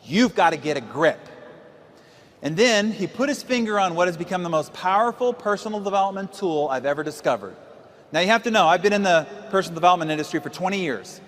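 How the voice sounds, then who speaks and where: A man's voice: sits high, lively intonation, fast talker, fairly bright tone, in a large hall. A man in his forties gives a seminar talk as a motivational speaker, emphatic and full of rhetorical questions. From United States. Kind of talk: seminar talk to a live audience.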